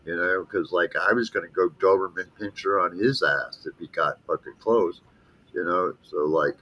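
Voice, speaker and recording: A man's voice: low-pitched, normal speed, lo-fi sound. A middle-aged man, chatting casually and saying dude and you know a lot. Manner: laid-back, peppers speech with dude and you know. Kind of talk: casual chat.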